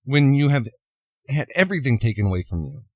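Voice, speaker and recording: A man's voice: medium pitch, big pitch swings, fairly quick, a little mellow, no room sound, clean studio sound. A man giving an opinion monologue, retelling a film scene in a preachy, sarcastic way. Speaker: commentator.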